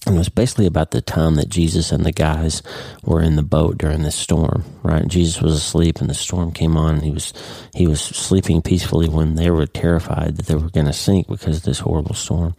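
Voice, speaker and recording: Brief: middle-aged male podcast host, low mellow voice, unscripted and earnest. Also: little pitch movement, a little fast, creaky, slightly rough, dry recording. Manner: earnest, off-the-cuff with frequent restarts. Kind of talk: casual unscripted podcast monologue.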